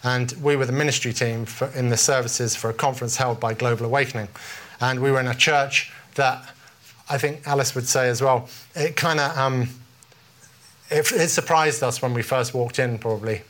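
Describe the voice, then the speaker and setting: A man's voice: medium pitch, steady tone, normal speed, a bit bright. British man preaching, chatty storytelling. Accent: British English. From Britain. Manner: conversational, storytelling with frequent restarts. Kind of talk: informal sermon.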